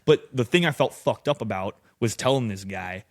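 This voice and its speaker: A man's voice: fairly low pitch, animated, normal speed, no echo, clean studio sound. A man as a podcast guest, telling stories loosely and casually, swearing a lot and acting out what people said. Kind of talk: casual storytelling.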